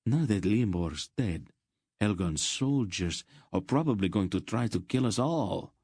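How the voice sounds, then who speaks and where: A man's voice: lowish voice, expressive, measured pace, a little mellow, husky, no echo, pitched above the performer's own voice, heavily acted. A man voicing a frightened male merchant who means to hide and flee. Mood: fearful.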